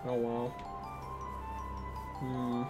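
A man streaming a game live, chatting excitably, muttering to himself and to his chat. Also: mid-range voice, very slow, loud music behind the voice. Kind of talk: live gameplay commentary.

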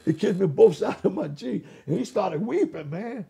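High, gravelly male storyteller, dark and raspy, lively testimony delivery. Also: normal speed. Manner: animated, acts out quoted voices. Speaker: interview guest.

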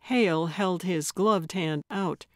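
Brief: woman audiobook narrator, slow and measured, mid pitch, dry close sound. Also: no echo. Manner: measured storytelling. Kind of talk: scripted narration.

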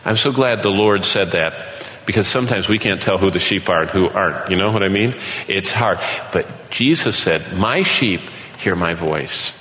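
A man preaching an earnest sermon, slowing down to read scripture aloud. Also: low voice, sharp tone. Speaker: pastor. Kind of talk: sermon teaching. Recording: echoey hall with light background noise.

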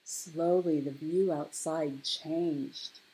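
A woman reading a children's picture book aloud, expressive and measured. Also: low voice. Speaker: storyteller.

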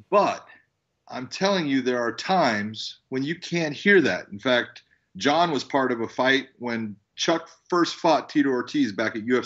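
A man, a fight referee and podcast guest, telling stories in a lively way and acting out what people said. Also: mid-range voice. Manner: animated storyteller acting out quotes. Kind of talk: casual podcast chat. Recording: dull lo-fi audio.

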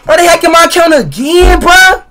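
A young man streaming a game, talking in an excitable, exasperated, profane way that keeps breaking into shouts. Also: extremely high pitch, normal speed, slight background noise. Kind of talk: live game-stream commentary.

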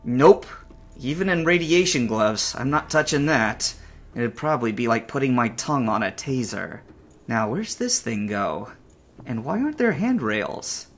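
Brief: a man as an anxious castaway survivor, husky voice, lively pitch, unhurried. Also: heavily acted. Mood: uneasy. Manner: talks to himself, halting, rising to panicked shouts. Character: stranded male space survivor, anxious and curious. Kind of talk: acted game narration.

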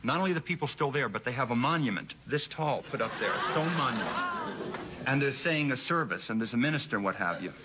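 A man appearing as a talk show guest, telling anecdotes in an animated, self-deprecating way. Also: medium pitch, quick pace, very noisy. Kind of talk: anecdotal storytelling. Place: TV studio.

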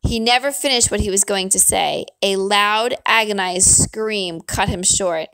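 Woman, audiobook narration, expressive, dry, mid pitch. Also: measured pace, few pauses, no echo. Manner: expressive first-person storytelling. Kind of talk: reading a novel aloud.

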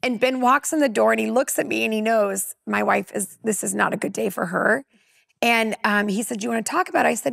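A woman in her forties from California, a women's pastor, telling a personal testimony on a talk panel as a lively storyteller who acts out dialogue. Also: fairly high pitch, a little fast, vocal fry, no room sound, studio quality.

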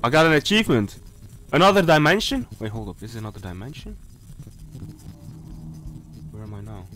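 A man's voice: mid-range voice, lively intonation, brisk, noisy background. A man commentating a horror game playthrough, jumpy and nervous, talking himself through scares and speaking directly to viewers and game characters. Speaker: gaming YouTuber.

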